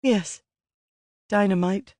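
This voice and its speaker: Audiobook: a worn-out young woman, soft and halting, voiced by a man reading, set higher than his own voice. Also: dry recording, clean studio sound. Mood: tired relief. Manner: low, tired, halting. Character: tired, shaken young woman.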